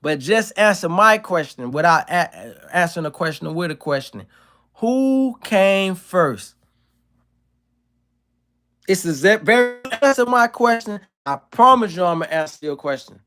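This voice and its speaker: A man's voice: fairly high pitch, animated, normal speed, hardly any pauses, bright, forceful tone, faint music behind. Profane, emphatic man ranting to his chat. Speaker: streamer. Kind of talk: ranting monologue to a live chat.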